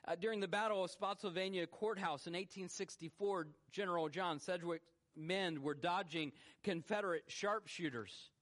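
Male pastor, fairly high voice, preaching in a church, lively swings between loud questions and quiet low stresses. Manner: animated, swings from loud rhetorical questions to hushed low emphasis. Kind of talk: sermon. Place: church sanctuary.

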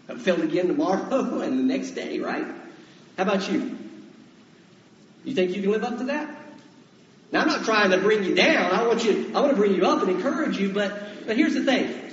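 A man preaching a sermon as pastor, talking conversationally and putting questions to the congregation. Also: sits high. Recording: echoey hall, dull sound.

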